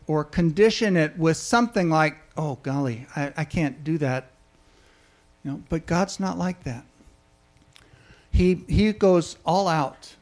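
A man preaching a sermon in a conversational way, often asking his listeners questions. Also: high voice. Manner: conversational, asks the audience questions.

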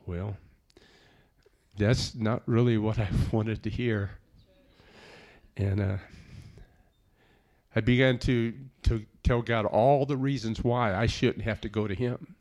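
A man's voice: fairly low pitch, fairly even intonation, slow pace, long pauses, darkish tone, dull audio. A man telling a personal testimony in an earnest, plainspoken storytelling way. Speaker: speaker giving a personal testimony.

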